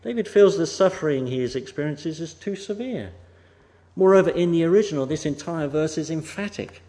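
A male preacher delivering a Bible sermon in a fairly high voice that swings widely in pitch. He leans hard on key words and then lets his sentences sink quietly at the end. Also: animated, brisk. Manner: emphatic, rising for stress and dropping soft at phrase ends. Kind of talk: expository sermon.

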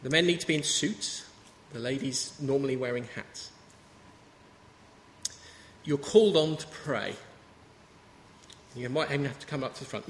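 A man's voice: medium pitch, normal speed, pauses often, slight background noise. A man in his thirties preaching a sermon in a chatty, story-telling way. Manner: conversational, anecdotal preaching. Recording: reverberant hall with faint ambience.

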